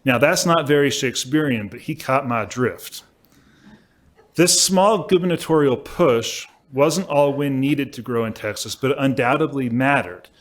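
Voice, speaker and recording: Man, mid-pitched, lecturing from a podium; measured, emphatic, prepared delivery. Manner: measured, emphatic delivery with occasional self-corrections. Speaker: law professor giving a lecture. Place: lecture hall at a symposium.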